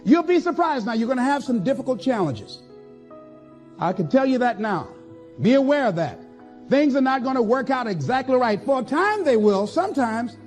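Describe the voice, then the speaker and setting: Very high-pitched, fiery motivational speaker man. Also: big pitch swings, moderate pace, soft background music. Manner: fiery, repetitive exhortations to the audience. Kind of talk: live motivational speech.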